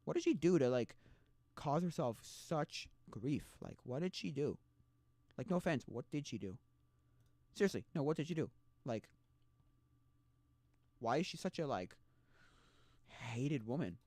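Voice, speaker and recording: A man's voice: mid-range voice, animated, darkish tone, no room sound. A man in his casual stream chat, rambling and stumbling through restarts in a mid-range voice. He is recorded close and dry, with no room sound around him. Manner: rambling, halting with restarts, mocking quoted voices.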